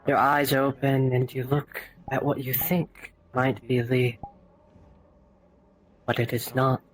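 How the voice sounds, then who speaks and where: A man narrating a roleplay in dramatic second person, slow and breathy, building to intense climaxes. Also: mid-range voice, fairly even intonation, slight background noise. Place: online voice chat.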